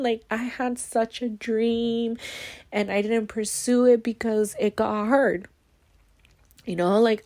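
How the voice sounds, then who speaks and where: A woman's voice: mid-range voice, darkish tone. A young adult woman hosting her own podcast, talking candidly and emotionally about hard times, with many fillers and some swearing. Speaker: podcast host. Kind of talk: personal monologue.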